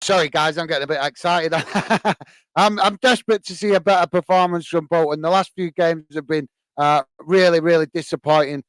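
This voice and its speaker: This Englishman speaks on the higher side with fairly even intonation, at a moderate, smooth pace in a dry recording. Hosting a football watch-along live, he chats to his audience and offers rough play-by-play peppered with fillers, erupting in shouts at goals.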